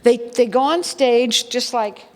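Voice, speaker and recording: An older woman, formerly a showgirl, tells blunt stories at a seminar, slowly and at a fairly high pitch with a darkish tone. She breaks into laughter often and acts out quoted voices, all echoing in a reverberant hall.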